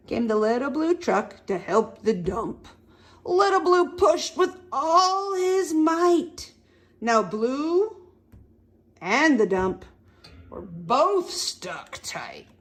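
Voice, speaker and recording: A woman reads a picture book aloud to young children, pausing to ask them questions and make the animal sounds. Her voice is high and swings widely in pitch. She speaks very slowly and clearly. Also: very animated. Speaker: storytime reader.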